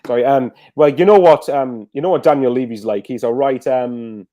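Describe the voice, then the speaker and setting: A man's voice: mid-range voice, moderate pace, dark tone, no room sound. A man chatting casually as a guest football fan, rambling with lots of fillers and restarts. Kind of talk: casual video call chat.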